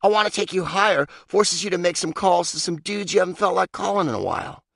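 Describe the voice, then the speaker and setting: A man's voice: high-pitched, expressive, quick pace, vocal fry, a bit bright, no room sound, clean studio sound. A man reading his own comic book aloud, sardonic and mock-pompous, with big swoops for emphasis. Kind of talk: comic audiobook narration.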